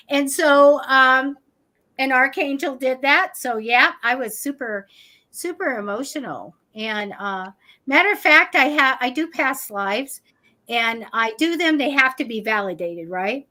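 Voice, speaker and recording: Female psychic host, casual storyteller, bright tense tone. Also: high voice, a little slow. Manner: animated, chatty, acts out quotes. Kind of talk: casual storytelling on a live show.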